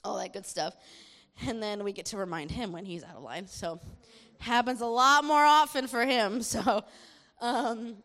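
A young woman sharing a personal testimony in a chatty, animated way, laughing often as she speaks. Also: a little high, moderate pace. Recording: long hall reverb.

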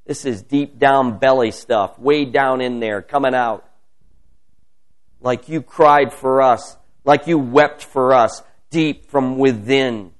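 A man's voice: mid-range voice, slow. A man leading a spontaneous spoken prayer, fervent and repetitive in his petitions. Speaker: prayer leader.

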